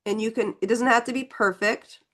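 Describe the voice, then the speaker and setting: A woman's voice: on the high side, steady tone, a little fast. A woman leading a live online painting class, talking through each step in a chatty, encouraging way as she demonstrates. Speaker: painting instructor.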